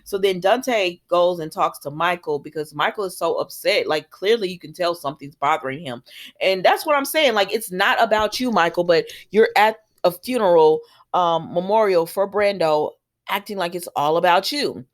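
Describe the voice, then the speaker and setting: A woman's voice: fairly low pitch, expressive, normal speed. Chatty opinionated woman recapping a soap. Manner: chatty, opinionated, acts out characters' lines. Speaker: soap opera recap vlogger. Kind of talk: casual chat recapping episodes.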